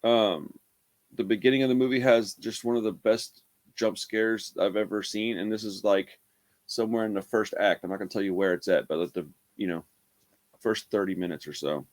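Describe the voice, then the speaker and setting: A man's voice: fairly low pitch, fairly even intonation, moderate pace. A man giving a casual, rambling horror movie review, laid-back and full of "man" and "dude".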